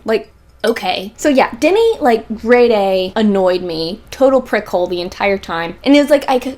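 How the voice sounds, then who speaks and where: A woman's voice: medium pitch, darkish tone. A woman casually reviewing a romance novel, talking emphatically, repeating her points and dropping slangy asides. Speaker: book reviewer. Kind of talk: casual book review chat.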